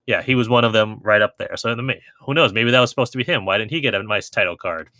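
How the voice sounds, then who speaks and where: A man's voice: on the low side, fast, pushed and bright, dry recording, clean studio sound. A man co-hosting a casual film podcast, chatting and reading out trivia. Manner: reads film quotes in mock voices, laughs often. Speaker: podcast co-host. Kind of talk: casual chat.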